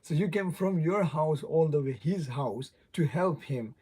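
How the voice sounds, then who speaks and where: Young male livestreamer, non-native English accent, higher-pitched, mellow voice, chatty and giggly. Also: expressive, a little slow, slightly rough. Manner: rambling, laughs often, greets chat viewers. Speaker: livestream host. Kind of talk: casual live stream chat.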